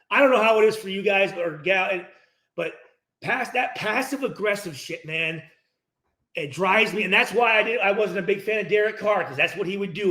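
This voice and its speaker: A middle-aged man hosting a post-game reaction, ranting casually and profanely and acting out the dialogue himself. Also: high-pitched. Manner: profane, animated, acts out dialogue. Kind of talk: casual unscripted rant. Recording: roomy echo.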